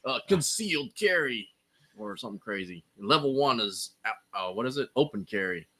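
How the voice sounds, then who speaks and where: A man's voice: lowish voice, quick pace, bright, forceful tone. A man in casual conversation, making dry joking asides and laughing at his own jokes. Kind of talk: casual chat.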